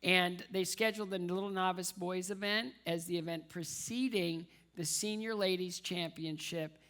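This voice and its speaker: A man's voice: sits high, steady tone, moderate pace, fairly bright tone. A man giving a humorous personal storytelling speech as a guest speaker at a dinner, with comic timing, repeated words for effect, and acted-out voices of the people he quotes. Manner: acts out quoted voices of others.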